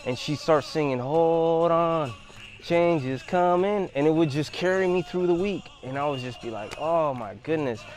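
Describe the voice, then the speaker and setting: A man's voice: fairly high pitch, fairly quick, few pauses, darkish tone. A man speaking earnestly and heartfelt about hope and change in prison. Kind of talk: reflective testimony.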